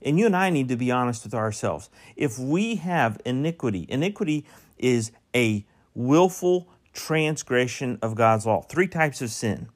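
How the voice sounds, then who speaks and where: A man delivering a sermon. He reads the scripture in a measured way, then preaches with rising emphasis. He puts pointed questions straight to the congregation. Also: medium pitch, animated.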